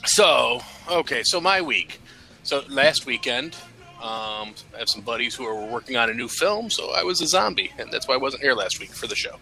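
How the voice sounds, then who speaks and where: A man co-hosts a radio talk show and trades deadpan jokes in casual chat. His voice is very bright and sharp, at a medium pitch. Faint music runs underneath. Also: normal speed, gravelly. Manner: deadpan, joking.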